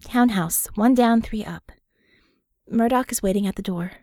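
A woman reading as a brisk, wry young woman. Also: on the high side, darkish tone, no room sound, studio quality, lightly acted.

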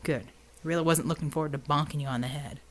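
A woman's voice: low voice, steady tone, fast talker, pitched below the performer's own voice. A woman voicing a blunt, seasoned male soldier in an audiobook, drawling slang with wry impatience. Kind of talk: audiobook character voice.

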